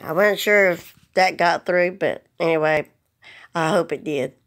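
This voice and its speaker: A woman's voice: lowish voice, unhurried, fairly bright tone. A woman speaking earnestly to the camera, holding back tears as she pleads. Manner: earnest, pleading, plain-spoken. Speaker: vlogger. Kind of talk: emotional direct-to-camera message.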